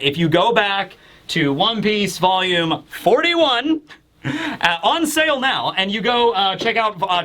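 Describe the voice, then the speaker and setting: A man giving a casual, rambling review of a manga chapter, excited and full of fillers. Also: on the high side.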